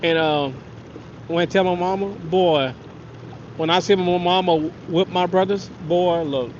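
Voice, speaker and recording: A man tells stories on a live fishing stream from his kayak. His voice sits a little high, and he laughs often as he rambles and answers chat. The audio is dull and lo-fi, with faint outdoor noise underneath. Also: steady tone, a little slow. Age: 30s. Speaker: fishing livestream host. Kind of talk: casual storytelling livestream.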